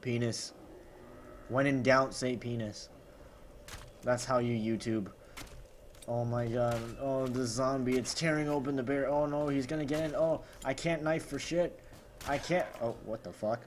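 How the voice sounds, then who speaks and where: A man's voice: mid-range voice, steady tone, unhurried, slight background noise. A man doing comedic gameplay commentary as a gaming YouTuber parody, overexcited and full of gasping exclamations, with sarcastic asides.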